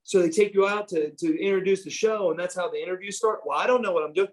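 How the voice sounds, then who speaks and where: Animated, profane storyteller man in his fifties. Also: high voice, fast talker, rough recording. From United States. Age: 50s. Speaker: guest, former pro wrestler. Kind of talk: storytelling in a podcast interview.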